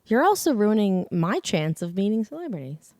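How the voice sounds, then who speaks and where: Female co-host, playful and enthusiastic film chat, mid pitch, dry sound. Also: very animated, normal speed, darkish tone, no room sound. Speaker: podcast co-host.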